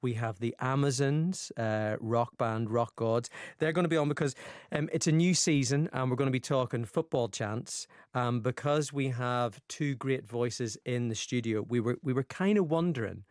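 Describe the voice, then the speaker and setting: A man's voice: mid-range voice, moderate pace, a little mellow, dry recording. A Northern Irish man presenting on the radio in casual studio chat, jokey and self-mocking.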